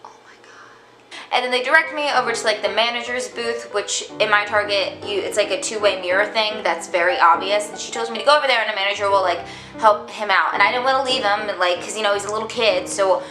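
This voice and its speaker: Chatty and dramatic, a young adult woman recounts a storytime vlog, leaning heavily on the word "like." She speaks quickly in a medium-pitched voice. Background music plays in an echoey room.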